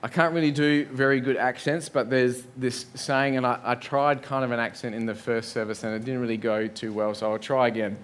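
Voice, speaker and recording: A man's voice: medium pitch, steady tone, brisk, hardly any pauses, fairly bright tone. A man preaching a sermon in a church, earnest, building up lists and rhetorical questions. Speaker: pastor.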